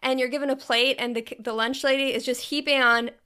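A woman's voice: high-pitched, steady tone, brisk, bright, forceful tone, clean tone. A woman co-hosting a casual movie review podcast, sarcastic and exasperated, swearing as she picks a film apart. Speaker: podcast co-host.

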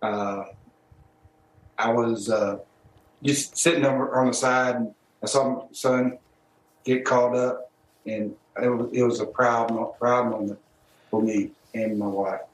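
A man giving a TV interview as a father, hesitant and soft-spoken. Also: mid-range voice, steady tone, a little slow, long pauses, roomy sound, low-quality recording.

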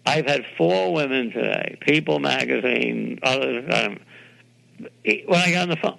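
An older man from New York City, a television producer being interviewed, telling animated anecdotes and acting out the voices of people he quotes. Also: fairly high pitch, moderate pace, gravelly, poor audio. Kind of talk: interview storytelling.

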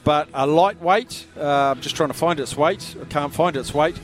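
Chatty man calling from a pub. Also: a little high. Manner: quick, chatty, slightly strained from shouting over a pub. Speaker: radio host running a sweep draw. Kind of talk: live radio chat. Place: busy pub.

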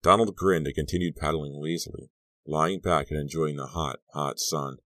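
A man with a strikingly deep voice reads a novel aloud in steady, measured narration. The recording is dry and close, with no room sound at all. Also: no echo. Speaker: audiobook narrator. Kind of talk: scripted narration.

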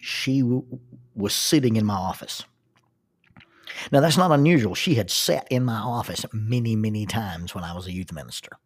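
A middle-aged man tells a personal story in a rambling, self-deprecating way, often restarting his sentences. His voice sits a little low and has a husky edge. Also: lively intonation, normal speed.

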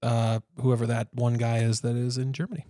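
A man co-hosting a podcast in casual chat, teasing and joking with halting, filler-heavy delivery. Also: medium pitch, flat delivery, mellow, no echo, clean studio sound. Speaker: podcast co-host.

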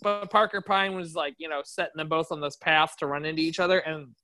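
A man's voice: fairly high pitch, brisk, no room sound. A man co-hosting a podcast in casual chat, retelling stories animatedly and acting out quotes. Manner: animated storyteller, acts out quotes. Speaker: podcast co-host.

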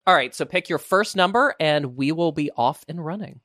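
Male podcast host, animated swooping pitch, dry close sound, jokey casual chat. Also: normal speed, no room sound. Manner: animated, jokey question-asker.

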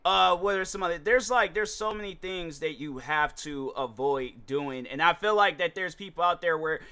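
A man hosting a solo podcast talks loosely and slangily, often restarting his sentences. His voice sits a little high and sounds bright and forward. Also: normal speed, few pauses, smooth. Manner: rambling, slangy, many restarts. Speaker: podcast host. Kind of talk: casual solo podcast monologue.

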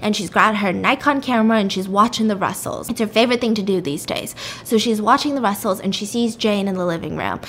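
A young woman hosting a podcast, casually recapping a story in an animated way and swearing playfully now and then. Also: mid-range voice, a little fast, hardly any pauses, slight background noise. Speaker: podcast host.

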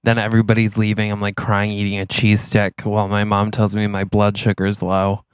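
A man co-hosting a podcast in casual chat, dropping wry, teasing remarks. His voice is smooth and resonant, recorded dry and close with no room echo. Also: fairly low pitch, completely flat delivery, brisk. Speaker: podcast co-host.

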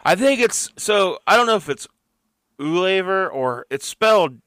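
Middle-aged man, podcast host, casual chatty delivery, bright clear voice, dry close mic. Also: high-pitched, animated, normal speed, no room sound. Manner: laid-back, frequent "uh" and "like", joking.

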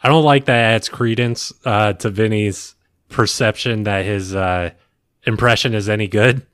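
A man chatting on a podcast with wry, dry remarks and quick reactions. His voice sits a bit low and is recorded close and dry, with no room sound. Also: fairly bright tone, smooth, dry recording. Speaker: podcast co-host. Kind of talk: casual chat.

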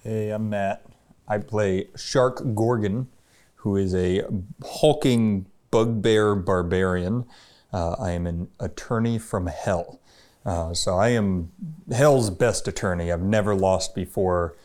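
A man playing a tabletop game, introducing his character in a relaxed, joking way. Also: fairly low pitch, slow pace. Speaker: player.

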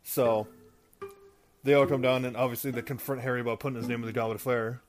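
A man's voice: medium pitch, flat delivery, fast talker, a little hiss or hum. A man casually retelling a movie plot as a show host, rambling with fillers and restarts. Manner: rambling, many fillers and restarts, laughs at own stumbles. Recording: guitar music in background.

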